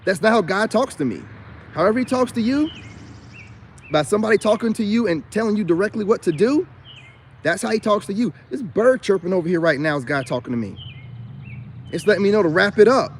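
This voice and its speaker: A man's voice: high voice, expressive, a little fast, a little hiss or hum. A man ranting to camera outdoors, boastful and defiant, rambling with frequent filler asides. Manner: repeats filler asides often. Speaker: self-styled life coach vlogger. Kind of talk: unscripted rant to camera.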